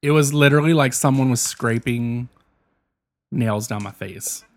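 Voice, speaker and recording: A man's voice: mid-range voice, moderate pace. A man co-hosting a podcast, talking bluntly and dramatically in crude casual chat. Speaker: podcast co-host.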